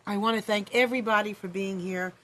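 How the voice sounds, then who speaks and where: A woman hosting a radio talk show, emotional and sentimental, her voice going a little hoarse. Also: medium pitch, fairly even intonation, fast talker, a bit bright.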